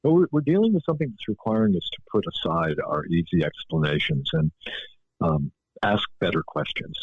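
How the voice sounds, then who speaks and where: A man, an author as interview guest, telling stories in a reflective, animated way. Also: fairly low pitch, fairly quick, vocal fry, breathy edge, dry recording. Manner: reflective, animated storytelling with frequent restarts. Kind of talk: interview conversation. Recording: dry phone-like line.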